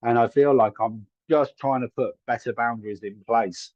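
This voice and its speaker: A man's voice: medium pitch, normal speed, no echo, lo-fi sound. Chatty male psychic medium on a live stream. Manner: chatty, hedging, often asks if it makes sense. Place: room at home.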